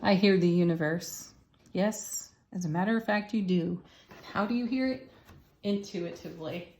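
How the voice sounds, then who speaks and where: A woman's voice: on the low side, normal speed, darkish tone, a little hiss or hum. A woman reading tarot and oracle cards in a casual, encouraging way, laughing often as she talks. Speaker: tarot and oracle card reader. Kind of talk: casual spiritual card reading.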